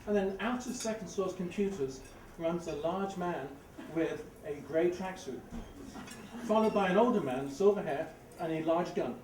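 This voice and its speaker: A middle-aged man with an English accent tells an animated story at a live story slam, growing louder as it builds. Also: high voice, normal speed. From England. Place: live event venue before an audience. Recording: roomy, distant, noisy live room.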